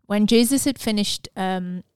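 A woman's voice: medium pitch, measured pace, clear, resonant tone, dry recording. A woman preaching a casual devotional message in an earnest, conversational way, with fillers and restarts.

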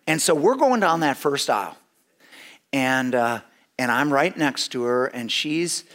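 A middle-aged man telling a humorous story to an audience, lively and full of restarts. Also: unhurried. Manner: animated, with big swings in pitch and loudness; repeats and restarts phrases as he talks.

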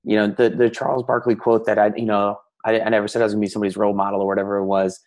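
A man's voice: fairly low pitch, little pitch movement, a little mellow. A man co-hosting a sports podcast in casual chat, rambling along and restarting his sentences. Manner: rambling, quick talk with many restarts. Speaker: podcast co-host.

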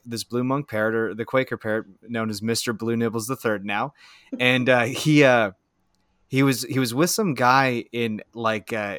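A man chatting casually as a podcast guest, telling long, halting stories full of restarts. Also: mid-range voice, fairly bright tone, clear, resonant tone, no echo, clean studio sound. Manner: rambling, halting storytelling with many restarts. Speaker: podcast guest, bird owner. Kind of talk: casual chat.

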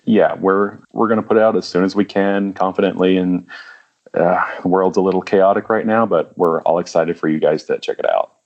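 Laid-back man with a very low voice. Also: fairly even intonation, fairly quick, muffled recording. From Louisiana. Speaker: comic artist guest. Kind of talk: casual interview chat.

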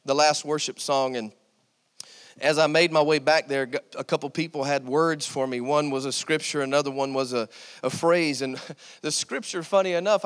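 A man with a high voice preaches to his congregation, often stopping to ask "Amen?" and pressing his points with "See,". The sound rings with a long reverb from the church sanctuary around him. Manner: call-and-response preaching, repeated "Amen?" and "See,". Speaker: pastor. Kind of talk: sermon.

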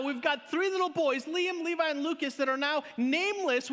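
A pastor preaching a sermon live, telling stories in an animated way, repeating words and swinging between loud and soft. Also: male voice, extremely high pitch, normal speed, few pauses. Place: church auditorium. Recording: live in a church hall with long reverb.

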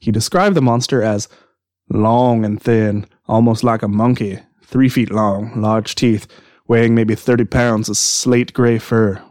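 A man's voice: on the low side, fairly even intonation, a little mellow, no echo. Dry-sounding man reading a story. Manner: laughs often, reads with dramatic pauses. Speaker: podcast host. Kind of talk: casual chat, reading a story aloud.

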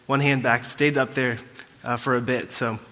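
A man's voice: mid-range voice, flat delivery, moderate pace, sharp tone. A man preaching to a congregation in a church hall, telling a story in a casual, conversational way with fillers and asides to the listeners. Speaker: pastor. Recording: reverberant hall.

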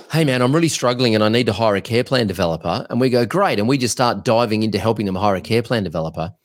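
A man co-hosting a podcast, giving business coaching advice in an energetic, blunt, rambling way. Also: lowish voice.

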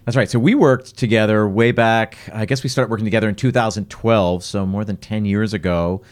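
A middle-aged man hosts a casual podcast conversation. His voice sits a little low and turns lively and higher when he asks a question or retells something he said. The talk is loose and friendly, with small restarts. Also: fairly quick. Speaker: podcast host.

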